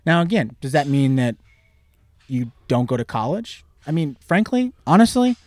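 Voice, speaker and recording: A man's voice: a little high, sing-song, normal speed, darkish tone, dry recording. A man in his thirties, a youth baseball coach, chatting earnestly and sometimes stumbling over his words. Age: 30s. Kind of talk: casual podcast chat.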